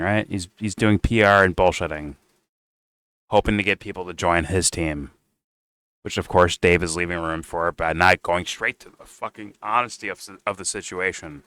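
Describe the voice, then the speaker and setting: A man giving reaction commentary over a paused debate clip. He talks in a sarcastic, mocking way and swears freely. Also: sits low, pushed and bright, smooth, dry recording. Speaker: commentary streamer.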